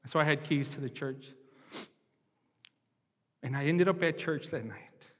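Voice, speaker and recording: A man preaching a sermon and leading a closing prayer, earnest and emotional, with slow heartfelt pleading. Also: on the high side, a bit bright, big-room sound.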